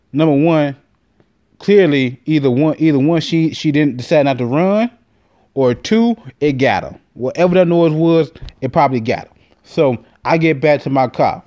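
Profane man telling a comic story. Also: a little high. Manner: profane, animated, lots of fillers. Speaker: podcast host. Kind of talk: comedic storytelling monologue.

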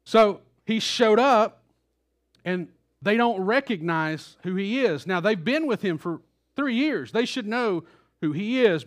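A man preaching a sermon in a church, telling the story casually and acting out the quoted lines. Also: high voice. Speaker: pastor. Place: church auditorium. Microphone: stage microphone.

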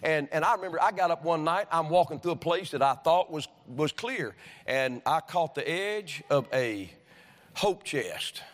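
In a church sanctuary, a male pastor tells homespun stories that swell into fervent preaching. His voice is slightly high, expressive, and at a normal speed, carried by the long reverb of the hall.

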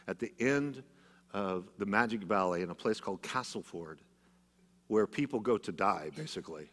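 Preaching man in a reverberant hall. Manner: storytelling preacher, swinging from loud emphatic bursts to hushed low passages. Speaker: pastor. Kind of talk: sermon. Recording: long church reverb.

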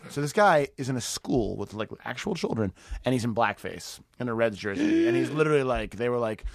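A man's voice: mid-range voice, expressive, a little fast, dry recording, studio quality. A man guesting on a podcast, telling stories in casual chat, laughing often and swearing freely.

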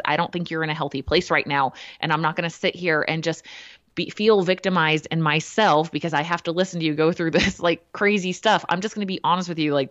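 A woman's voice: low-pitched, no room sound. A woman in casual conversation, talking bluntly and animatedly, often acting out what she would say. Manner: animated, blunt storytelling with quoted asides. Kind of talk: casual chat. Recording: dull lo-fi dry sound.

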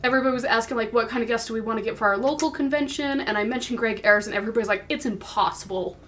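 A woman's voice: a little high, fairly even intonation, fairly bright tone, a little hiss or hum. A woman hosting a podcast, telling stories in a chatty, bubbly way. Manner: chatty storytelling, fast and bubbly. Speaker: podcast host. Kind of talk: casual chat.

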